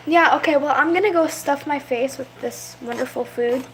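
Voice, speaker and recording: A woman's voice: high-pitched, moderate pace, few pauses, a little hiss or hum. A young woman chatting casually in a vlog, rambling about her pets and stopping to coo at them. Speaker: vlogger.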